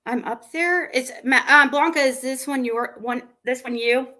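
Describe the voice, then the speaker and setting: A woman with a cold hosts a casual livestream chat, exasperated and rambling, full of fillers and half-finished sentences. Her voice is high and bright. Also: moderate pace, poor audio. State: has a cold. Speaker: livestream host.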